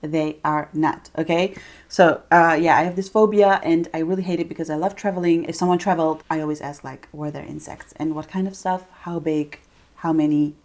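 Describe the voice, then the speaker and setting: Chatty, animated young woman vlogger. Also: deep voice, brisk. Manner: chatty and animated, with playful asides. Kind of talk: casual talk to camera.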